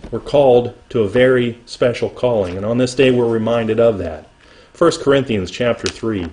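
A man's voice: medium pitch, warm tone. Man preaching a sermon. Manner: earnest preaching, reading scripture slowly and rising in emphasis. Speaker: pastor.

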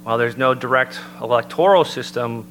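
A man giving an earnest, measured sermon-style talk and citing scripture as he builds his points. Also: medium pitch, fairly bright tone, poor audio. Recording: noticeable background hum.

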